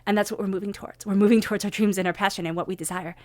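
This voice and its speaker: A woman reading tarot cards for her audience, talking with passion and repeating phrases for emphasis, then turning soft and hushed for blessings and meditation. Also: mid-range voice, steady tone, racing, no room sound. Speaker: tarot reader.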